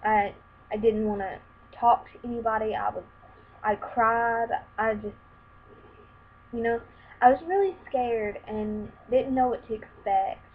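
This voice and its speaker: A woman's voice: a little high, unhurried, pauses often. Young woman on tinny lo-fi audio. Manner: candid, rambling, acts out quoted dialogue. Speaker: vlogger. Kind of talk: personal storytelling to camera. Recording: tinny lo-fi sound with faint hiss.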